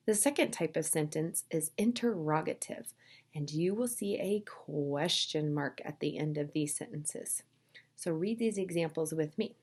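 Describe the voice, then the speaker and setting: A woman teaches English to language learners in a clear, upbeat classroom manner. Her voice sits a little low, and she reads example sentences aloud with lively expression. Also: unhurried.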